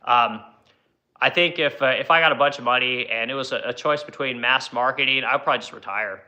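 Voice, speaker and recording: A middle-aged furniture maker from the United States answering viewer questions in a rambling, blunt way, swearing and filling pauses with "you know.". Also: male voice, mid-range voice, bright, forceful tone. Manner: rambling, profane, lots of fillers like "you know". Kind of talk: casual Q&A talk.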